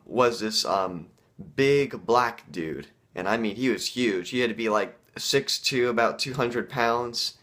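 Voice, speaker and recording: A man vlogger telling a casual story to camera, halting and full of fillers. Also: on the low side, a bit bright.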